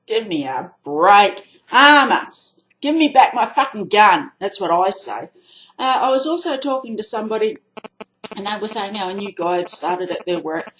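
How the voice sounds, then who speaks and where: A fairly high-voiced Australian woman delivering an angry vlog rant. She talks bluntly and swears freely, and her voice climbs into loud, heated outbursts. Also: very animated, moderate pace, low-quality recording.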